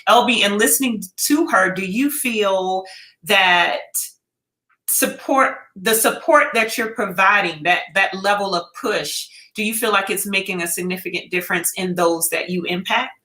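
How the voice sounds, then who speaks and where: Woman host, bright voice, echoey room, measured interviewer. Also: mid-range voice. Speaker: host of virtual book launch. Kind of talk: casual panel conversation. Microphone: video call microphone.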